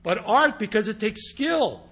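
A man's voice: high-pitched, big pitch swings, a little slow, gravelly, fairly bright tone, breathy edge. A man teaching a class on interpreting scripture, speaking emphatically and often checking that his listeners follow. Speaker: Bible teacher.

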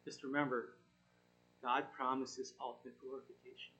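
A man giving an informal sermon, reading scripture and encouraging his listeners in an earnest, halting way with frequent self-corrections. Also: medium pitch, fairly bright tone, highs cut off. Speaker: Bible study teacher.

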